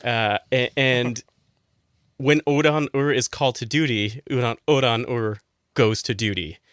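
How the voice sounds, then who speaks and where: Bright-voiced enthusiastic man on a podcast. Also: mid-range voice, measured pace, no echo, clean studio sound. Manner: enthusiastic, rambling, laughs often. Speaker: podcast co-host. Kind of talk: casual roundtable chat.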